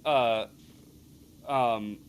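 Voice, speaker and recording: A man's voice: medium pitch, fairly even intonation, extremely slow, smooth. A young man hosting a gaming stream, chatting casually and teasing his friend, laughing often as he retells stories. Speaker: gaming channel host. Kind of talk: casual chat while playing.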